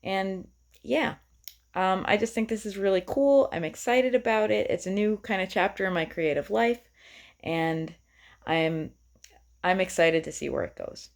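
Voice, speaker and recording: A woman's voice: mid-range voice, a little slow. A woman singer-songwriter talking casually and enthusiastically to her viewers, with lots of fillers. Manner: chatty and enthusiastic, with many fillers.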